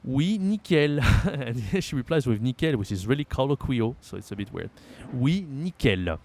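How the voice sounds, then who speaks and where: A man's voice: medium pitch, expressive, brisk, vocal fry, darkish tone. A man with a French accent teaching French in an online lesson, repeating phrases aloud and explaining them with many fillers.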